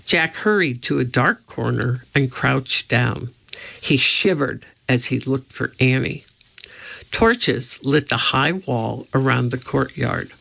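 A man reading a children's story aloud in a steady, scripted narration. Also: mid-range voice, slow, gravelly. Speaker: audiobook narrator. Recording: slightly dull lo-fi audio.

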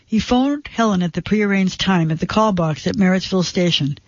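Man narrating a suspense story, high voice. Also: fairly quick, dry recording, highs cut off.

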